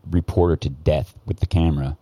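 Guest: very low male voice, dry close sound, swears a lot and stops and restarts as he tells a story. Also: fairly even intonation, dark tone, no room sound. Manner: profane, heated, halting with many restarts. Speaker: guest, former news cameraman. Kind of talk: casual podcast storytelling.

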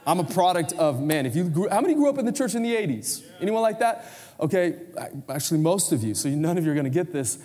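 Man, 40s, pastor, lively conversational preaching, slightly high voice, church hall reverb. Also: quick pace. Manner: conversational, energetic preaching with audience prompts. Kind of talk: sermon. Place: church sanctuary.

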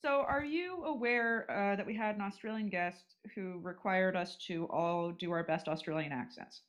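A woman's voice: medium pitch, moderate pace. A woman hosting a podcast, chatting casually and laughing often. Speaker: podcast host. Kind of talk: casual chat.

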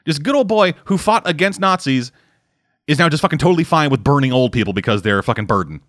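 A man's voice: fairly high pitch, lively intonation, fast, fairly bright tone, dry recording, clean studio sound. A man in casual chat who rambles, swears often and fills his talk with "like" and "uh". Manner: rambling, swearing, lots of fillers.

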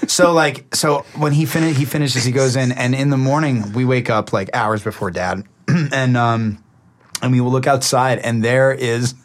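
A man's voice: medium pitch, steady tone, moderate pace. A man telling family stories in a casual, rambling, profane way, often breaking into laughter. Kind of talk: casual storytelling.

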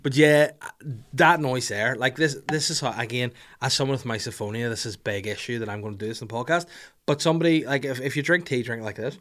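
A man's voice: medium pitch, fast talker. A man in his thirties with a Northern Irish accent, hosting a podcast in a casual comedic rant and acting out little scenes. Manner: animated, jokey, acts out little scenes with voices. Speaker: podcast host.

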